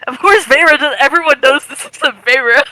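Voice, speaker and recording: A woman's voice: high-pitched, fast, sharp tone, dry recording. A woman chatting with her tabletop group in a giggly, playful way. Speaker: tabletop game player. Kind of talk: casual chat.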